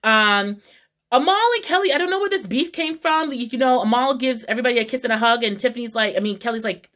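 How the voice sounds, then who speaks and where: A woman's voice: on the high side, fairly quick, a bit bright. A woman giving a casual, opinionated TV episode recap in heated, slangy talk. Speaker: TV recap vlogger.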